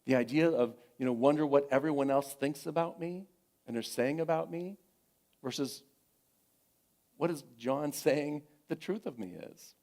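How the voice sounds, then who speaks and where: A middle-aged man preaching a sermon as minister, gentle and encouraging, conversational, repeating his phrases and telling family stories. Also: on the high side, moderate pace.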